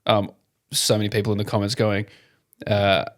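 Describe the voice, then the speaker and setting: A young Australian man co-hosting a podcast, telling a story in an animated, casual way, swearing freely and laughing often. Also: fairly low pitch, normal speed. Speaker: podcast co-host. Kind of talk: casual chat.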